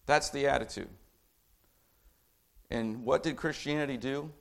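A middle-aged man preaching a sermon, impassioned, swinging from low reading to fired-up outbursts. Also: unhurried, creaky, pauses often.

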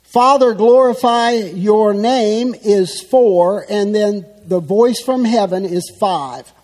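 A man preaching a sermon, teaching slowly and with emphasis as he works through a passage. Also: high-pitched, a little mellow, long reverb tail. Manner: slow, emphatic expository teaching.

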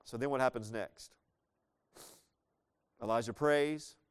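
A man preaching a sermon, explaining a Bible story in a conversational way with playful asides and reading scripture slowly. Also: mid-range voice, smooth.

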